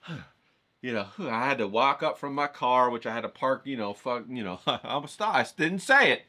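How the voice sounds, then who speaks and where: A man telling a casual, rambling story, animated and acting out the voices of the people in it. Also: mid-range voice, normal speed. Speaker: painting vlogger.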